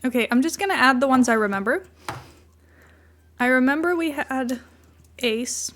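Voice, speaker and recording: Chatty woman streamer, slightly high voice. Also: normal speed, fairly bright tone. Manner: chatty, rambling, coos at her cat. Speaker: game streamer. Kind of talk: casual livestream chat.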